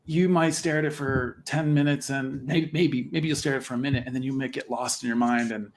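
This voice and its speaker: A man's voice: mid-range voice, brisk, few pauses. A man, a guest on a livestream talk show, explaining a point in an earnest way. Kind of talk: casual livestream chat.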